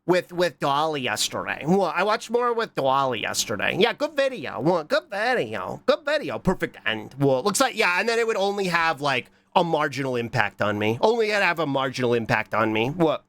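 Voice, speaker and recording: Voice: big pitch swings, brisk, few pauses, fairly bright tone. A livestreamer chatting casually while reacting to videos and reading chat, sounding congested from a cold and talking in a scattered, goofy way. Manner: scattered and goofy, with frequent repeated "What?" and squeaky high bursts.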